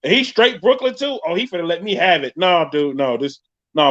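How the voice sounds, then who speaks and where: New york guy hosting a live podcast, kinda high voice, joking around, muffled stream audio. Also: fairly quick. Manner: animated storytelling with frequent laughs. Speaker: podcast host. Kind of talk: casual live-stream chat.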